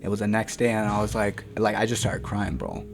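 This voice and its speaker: A man's voice: lowish voice, a little fast, vocal fry, slight background noise. Slangy young man telling a story. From Canada. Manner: slangy and animated, says "bro" often. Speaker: boxer, interview guest. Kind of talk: casual interview storytelling.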